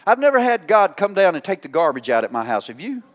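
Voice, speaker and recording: A male pastor preaching a folksy, teasing sermon, swinging between loud calls and hushed asides. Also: high-pitched, sing-song, quick pace, in a large hall.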